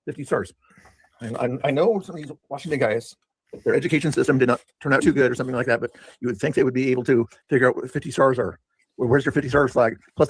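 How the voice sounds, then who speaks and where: A man's voice: medium pitch, slightly rough, no room sound. An older man streaming, rambling in a chatty, self-mocking way as he talks to his viewers about a past stream. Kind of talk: rambling live-stream commentary.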